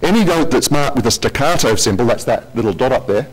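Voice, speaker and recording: A man's voice: medium pitch, expressive, quick pace, breathy edge. A man presenting a technical conference talk in a lecture hall, with joking asides to the audience.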